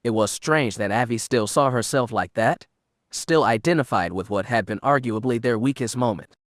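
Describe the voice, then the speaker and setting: A man's voice: medium pitch, normal speed, no echo. Man narrating an audiobook, dry close voice.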